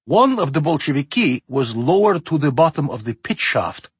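A man reading an audiobook with measured, hushed storytelling. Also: a little high, big pitch swings, breathy edge, no echo. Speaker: audiobook narrator. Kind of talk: scripted narration.

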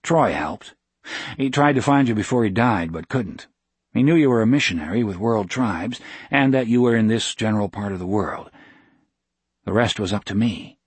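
A man's voice: on the low side, animated, moderate pace, husky, no echo. A man reading a guarded American lawyer who answers in a dry, plain way. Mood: matter-of-fact. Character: wary American male lawyer far from home.

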